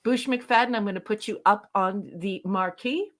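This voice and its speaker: A woman's voice: medium pitch, normal speed, a bit bright. A woman from Canada co-hosting a livestream in casual chat, reading viewer comments aloud and laughing often. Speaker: livestream co-host.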